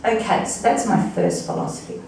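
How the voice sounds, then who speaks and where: A woman's voice: normal speed, a little mellow, slight background noise. Brief: woman motivational speaker, chatty and playful, picked up from a distance in a very echoey function room. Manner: chatty, playful, rhetorical questions to the crowd. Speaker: guest speaker at a fundraising breakfast. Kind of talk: motivational speech to an audience. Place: large function room with an audience.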